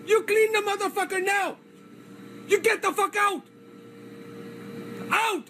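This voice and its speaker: A man's voice: extremely high pitch, fairly even intonation, slow, a little hiss or hum, exaggerated voice. A man playing a furious convenience store clerk in a comedy sketch, using a put-on Indian accent and swearing as he scolds a customer. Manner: shouting, profane, scolding.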